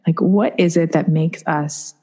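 Low-voiced woman telling a personal story. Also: unhurried, breathy edge. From New York. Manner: chatty, expressive, acts out quoted voices. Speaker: podcaster.

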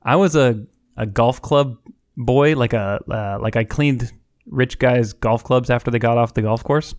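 A man's voice: medium pitch, measured pace, no echo, clean studio sound. A man in his late thirties co-hosting a podcast, chatting casually and telling stories with playful asides and frequent laughs. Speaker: podcast co-host. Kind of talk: casual chat.

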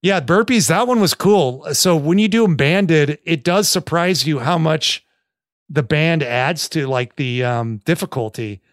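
A man's voice: a little high, unhurried, no room sound, studio quality. A man co-hosting a fitness podcast in casual, rambling chat full of fillers. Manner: chatty, rambling with many fillers. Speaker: podcast co-host.

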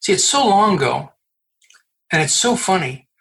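A middle-aged man from Canada, a guest in an interview, telling a story in an animated way, laughing and acting out the voices he quotes. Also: sits high, normal speed, creaky, rough recording. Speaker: guest, recruiter. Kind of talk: storytelling in a conversation.

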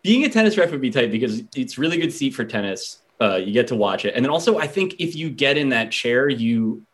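Male co-host, rapid-fire joking asides, mid-pitched voice. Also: sing-song. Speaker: podcast co-host. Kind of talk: casual podcast chat.

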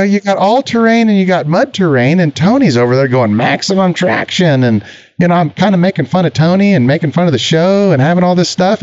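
A middle-aged man co-hosting a podcast, telling animated stories in casual chat and swearing freely. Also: high voice. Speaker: podcast co-host. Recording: slightly muffled audio.

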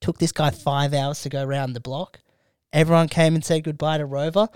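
A young man co-hosting a casual podcast, swearing freely as he tells stories and acts out the other people in them. His voice sits a little high for a man. It is recorded close on a dry studio mic. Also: a little fast, clear, resonant tone, dry recording. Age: young adult. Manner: profane, storytelling, animated impressions of others. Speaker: podcast co-host. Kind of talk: crude casual podcast banter.

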